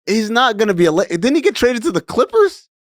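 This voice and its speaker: Animated man hosting a sports podcast. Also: sits high, a little fast, no room sound, studio quality. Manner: animated, jokey, slips into playful voices. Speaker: podcast host. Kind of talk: casual sports chat.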